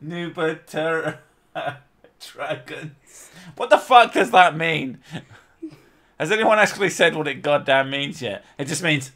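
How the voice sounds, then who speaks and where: A man's voice: a little high, normal speed, pushed and bright. A Scottish man in his thirties chatting casually and swearing freely on a stream. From Scotland. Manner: sweary, jokey banter.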